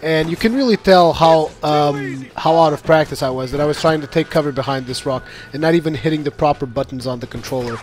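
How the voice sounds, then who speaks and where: A man giving casual commentary over his own gameplay footage, chatty and quick to laugh as he acts out his own reactions. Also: on the high side.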